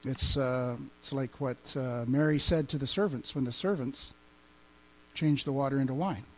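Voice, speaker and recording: A man's voice: medium pitch, normal speed, a little hiss or hum, poor audio. A man teaching as a pastor, speaking conversationally, quoting scripture and chuckling now and then. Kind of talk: teaching on healing and faith.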